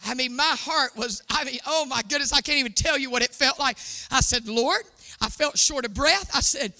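High bright woman giving her testimony. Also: brisk. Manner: animated storytelling, exclaiming and laughing. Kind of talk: testimony sermon. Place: church sanctuary before a live audience.

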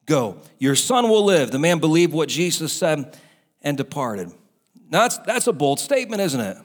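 High-voiced man preaching a sermon. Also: big pitch swings, moderate pace. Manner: preaching with acted voices of the doubter and the devil. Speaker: pastor.

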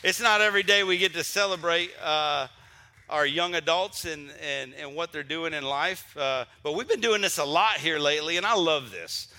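A middle-aged pastor with a slightly high voice makes church announcements and prays aloud in the sanctuary during a service. He speaks at a moderate pace, warm and emotional, stumbling and restarting repeatedly.

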